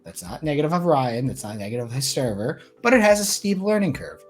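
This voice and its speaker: A man in his twenties co-hosting a podcast, chatting casually in a blunt, swearing, animated way. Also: medium pitch, fast, soft background music. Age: 20s. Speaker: podcast co-host. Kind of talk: casual chat.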